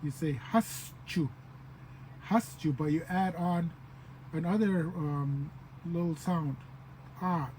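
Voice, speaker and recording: A man's voice: on the high side, a little mellow, slight background noise, poor audio. A man giving a casual language lesson, repeating each word several times and acting out short example phrases. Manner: repeats words slowly, acts out example phrases. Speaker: language teacher.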